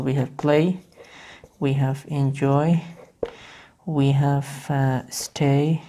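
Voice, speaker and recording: A woman with a notably low voice teaches grammar rules in a video lesson. She drills each point by repeating words several times and restarts her sentences as she goes. A faint noise sits under her voice. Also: a little mellow. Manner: repeats key words over and over, drilling step by step; halting, with restarts and fillers while explaining. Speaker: English teacher.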